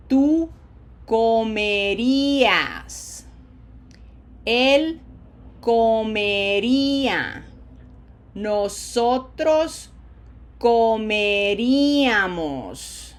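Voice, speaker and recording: A woman teaching a language lesson, speaking slowly and deliberately and checking in often with "okay?". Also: medium pitch. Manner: models words slowly with drawn-out vowels, frequent "okay?" checks. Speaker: Spanish teacher.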